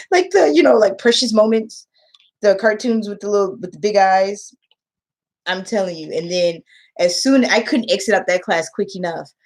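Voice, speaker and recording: A woman who tutors English online, telling a story to camera in casual chat and acting out the quotes. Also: on the low side. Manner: emotional storytelling, acts out quotes.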